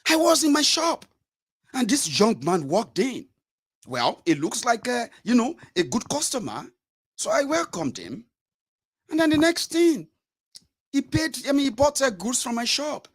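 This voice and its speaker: A man voicing an outraged middle-aged shopkeeper, ranting loudly in a retold joke. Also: very high voice, very animated, a little slow, husky, voice pushed up, heavily acted. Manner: loud, aggrieved, ranting.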